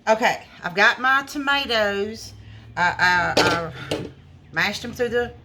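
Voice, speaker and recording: A woman with a mid-range voice cooks in a small restaurant kitchen, chatting slowly and homily to viewers she calls y'all. It's a casual cooking video filmed on a phone camera, with a noisy background.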